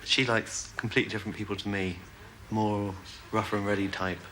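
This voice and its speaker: A man's voice: on the low side, little pitch movement, fairly quick, pushed and bright, poor audio. A man with an upper-class English accent, telling dry, understated stories in an interview and chuckling. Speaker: game show contestant. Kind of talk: casual interview anecdotes. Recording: very hissy old tape.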